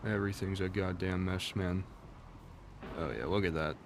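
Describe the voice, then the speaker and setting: Chatty low-voiced male game streamer. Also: steady tone, normal speed, background noise. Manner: rambling, chatty, reads and answers chat. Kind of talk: casual livestream chat.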